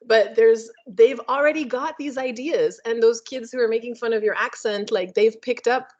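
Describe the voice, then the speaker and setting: A woman's voice: fairly high pitch, normal speed. Chatty woman presenting over a muffled call. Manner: animated, chatty, frequent "like". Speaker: webinar presenter. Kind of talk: casual webinar talk.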